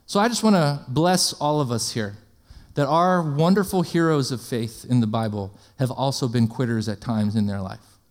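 A man preaching a sermon in an energetic, conversational way, often asking the congregation questions and slipping in jokes. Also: mid-range voice, moderate pace, few pauses.

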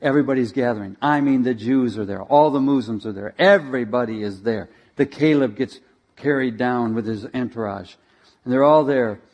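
A male preacher telling a dramatic story in a sermon, animated and directing slides as he goes. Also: mid-range voice, moderate pace, dull audio.

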